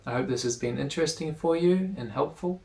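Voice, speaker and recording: A man teaching pronunciation in a relaxed video lesson, repeating words slowly for the listener to say along. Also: a little high, creaky, low-quality recording.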